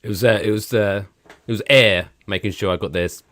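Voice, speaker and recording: A man co-hosting a casual sports podcast, joking and sarcastic, with swearing and quick tangents. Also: lowish voice, steady tone, fairly bright tone, dry recording. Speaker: podcast co-host.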